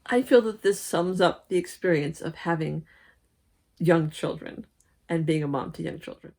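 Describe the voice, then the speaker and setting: A woman reading a children's story aloud at a church service, lively and expressive, with asides to the listeners. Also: deep voice, normal speed, vocal fry. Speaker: lay speaker at a church service.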